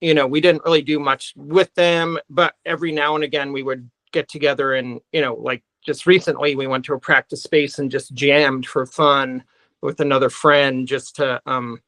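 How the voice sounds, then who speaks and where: A man, a guest musician, answering in a halting way full of pauses and restarts. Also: medium pitch, flat delivery, a bit bright, no echo, poor audio. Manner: halting, many fillers and restarts. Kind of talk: casual interview chat.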